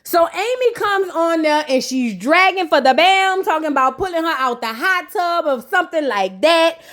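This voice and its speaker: Sassy high-voiced woman recapping gossip. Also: animated, moderate pace, fairly bright tone. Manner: gossipy, sassy, colloquial storytelling. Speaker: show recap host. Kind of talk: comedic reality show recap.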